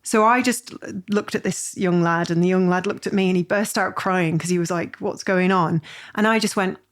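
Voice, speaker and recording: A woman's voice: fairly low pitch, brisk. Chatty woman host telling a story. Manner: chatty, animated storytelling with fillers. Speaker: podcast host. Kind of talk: podcast interview conversation.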